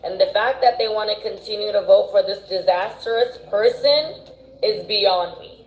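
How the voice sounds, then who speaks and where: Brief: woman commentator, mid pitch, dismissive and exasperated, roomy echo. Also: moderate pace. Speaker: political commentator. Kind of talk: casual commentary. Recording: echoey room.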